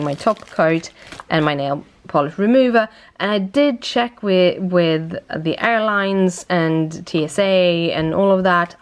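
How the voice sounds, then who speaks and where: A young woman with a somewhat low voice and a light British tinge chats casually at home. She sounds worn out, and she rambles and corrects herself as she talks. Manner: rambling, self-correcting, chatty. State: tired. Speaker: vlogger. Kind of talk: casual vlog chat.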